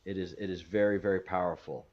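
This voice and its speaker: Rambling low-voiced man on muffled call. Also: fairly even intonation, quick pace, a crowd in the background. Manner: rambling, many restarts and repeated words. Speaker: stream host. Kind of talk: casual video call chat. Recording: muffled video call audio.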